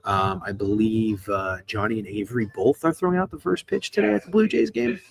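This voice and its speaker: A man's voice: lowish voice, animated, a little fast, creaky. A man in his thirties, hosting a live stream in casual chat, rambling and profane and answering chat as he goes. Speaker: streamer host. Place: hotel room.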